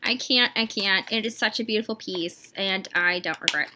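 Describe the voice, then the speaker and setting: A woman vlogging an unboxing in a casual, gushing way, a little congested from a cold and often slipping into a breathy whisper. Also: medium pitch, normal speed, noisy background. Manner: gushing and excitable. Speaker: doll collector vlogger. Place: at home with a dog.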